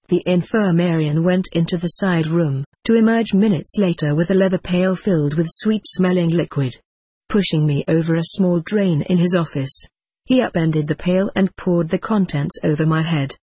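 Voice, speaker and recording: Husky narrator reading a memoir. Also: medium pitch, darkish tone, no echo. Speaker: audiobook narrator.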